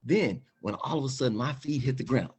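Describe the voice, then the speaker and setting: Husky, fired-up motivational man. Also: mid-range voice, fairly quick. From Mexican heritage. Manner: energetic, emphatic, repeats phrases for effect. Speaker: guest. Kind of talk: motivational talk.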